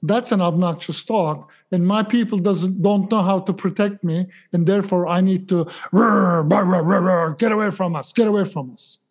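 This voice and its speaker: An anxious male dog who feels he must protect his people, as a speaker puts him on. His worried thoughts come out in a mellow, middle-pitched voice. Short growls break into the thoughts. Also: normal speed, hardly any pauses, close to an everyday voice. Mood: alarmed.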